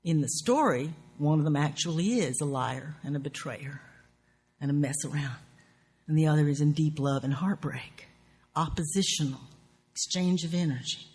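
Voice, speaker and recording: A woman with a Southern US accent giving a writing workshop lecture in a salty, profane, animated way, laughing often. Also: low voice, moderate pace, husky.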